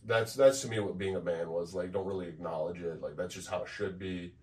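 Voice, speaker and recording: A man co-hosting a podcast, telling a personal story in a blunt, profane, halting way, with many restarts. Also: low voice, darkish tone, far from the mic. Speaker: podcast co-host. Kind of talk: candid conversational storytelling.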